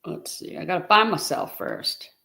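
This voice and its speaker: A woman's voice: lowish voice, normal speed, gravelly, pushed and bright. A middle-aged woman hosting a casual live stream and talking directly to her viewers in a chatty way. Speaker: live-stream host and reseller.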